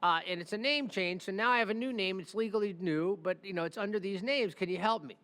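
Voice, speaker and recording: A man voicing a smooth-talking, evasive older client who coaxes his lawyer for help. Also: sits high, quick pace, bright, forceful tone, big-room sound. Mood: smooth, coaxing. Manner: smooth, coaxing.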